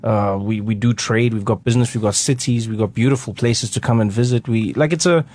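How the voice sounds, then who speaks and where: A man's voice: lowish voice, brisk, darkish tone, dry recording. A man with a South African accent, a guest comedian telling stories on a radio talk show. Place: radio studio.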